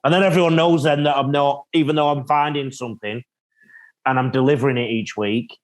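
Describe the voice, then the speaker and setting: An English-accented man talks over a video call from a hotel room. His voice sits at an everyday middle pitch, and he rambles in a relaxed, good-humoured way, poking fun at himself. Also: low-quality recording. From England. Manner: chatty and jokey, quick to laugh at himself. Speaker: rugby league analyst guest. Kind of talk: casual chat.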